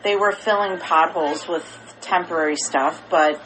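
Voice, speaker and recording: Lower-voiced woman explaining things plainly. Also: moderate pace, a bit bright, soft background music, low-quality recording. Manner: explaining in plain terms, asking leading questions. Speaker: podcast co-host. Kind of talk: casual chat.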